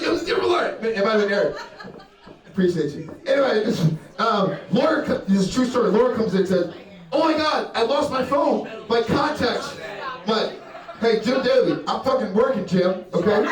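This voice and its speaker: A young man doing a stand-up set, brash and profane, working the crowd and laughing at his own jokes. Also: high voice. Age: young adult. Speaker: stand-up comedian. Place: comedy club stage. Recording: roomy live venue from a distance with crowd.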